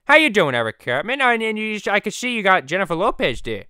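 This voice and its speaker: A man with a Boston accent rambles through a comedy podcast, swinging his pitch up and down with excitable, crude asides. His voice is bright and clean, slightly higher than most men's. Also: fast talker, smooth, no room sound, clean studio sound.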